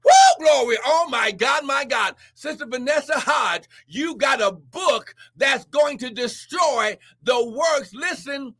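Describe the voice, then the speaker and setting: A male preacher delivering a fiery sermon and prophecy, shouting, whooping, and calling out "listen" and "glory" again and again. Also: extremely high pitch, lively intonation, slow, few pauses, husky.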